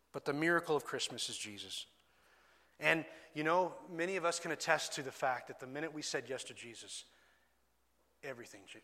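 A man's voice: fairly high pitch, bright, forceful tone. A man preaching a sermon as pastor, earnest and conversational, often restarting his phrases. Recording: long hall reverb.

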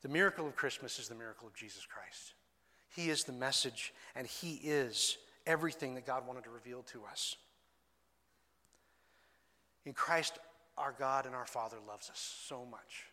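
A man's voice: mid-range voice, moderate pace, bright, forceful tone. A man preaching a sermon as pastor, earnest and conversational, often restarting his phrases. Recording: long hall reverb.

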